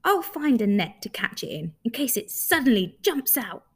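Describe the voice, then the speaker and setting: A woman voicing Rabbit, a keen toy rabbit who speaks in an eager, often breathy hush, in a storybook reading. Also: on the high side, very animated, normal speed.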